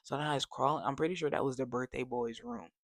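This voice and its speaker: A young adult man telling a casual storytime, animated and slangy, dropping to whispers for effect. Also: medium pitch, quick pace, no room sound. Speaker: vlogger.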